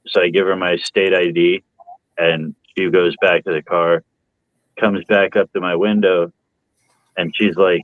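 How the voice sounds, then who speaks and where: A young man telling stories in casual chat, profane and animated, acting out what people said. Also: low-pitched, measured pace, long pauses, no room sound, narrow, tinny audio.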